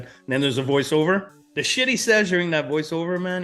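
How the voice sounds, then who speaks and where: Passionate swearing man, slightly high voice. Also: quick pace, few pauses, fairly bright tone. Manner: passionate, profane, hums movie music. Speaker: co-host. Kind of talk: casual podcast movie chat.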